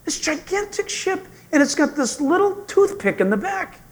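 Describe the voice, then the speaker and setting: A male pastor preaching in a church sanctuary, in a very high voice that leaps around in pitch. He tells stories with humor and animation. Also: sing-song, normal speed. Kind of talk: sermon.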